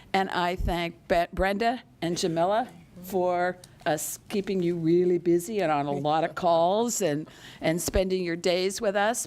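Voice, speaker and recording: A woman leads a committee meeting with a low, gravelly voice. She thanks the members in halting, restarting phrases, with a faint rumble in the background. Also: darkish tone. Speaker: committee chair. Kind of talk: formal meeting remarks. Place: meeting room.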